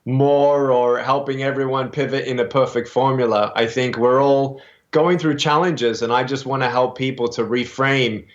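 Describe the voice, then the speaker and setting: A man's voice: medium pitch, steady tone, moderate pace. Australian man in his 30s, interview guest, earnest and upbeat, slightly dull sound. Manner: earnest, upbeat, with many fillers. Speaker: guest, motivational speaker. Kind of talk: interview answers.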